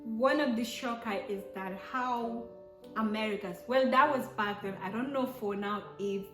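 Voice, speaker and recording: A woman's voice: fairly high pitch, normal speed. Nigerian woman vlogging in an echoey room. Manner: animated, exclaims often, acts out both sides of conversations. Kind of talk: casual storytelling to camera. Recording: echoey room with soft piano music.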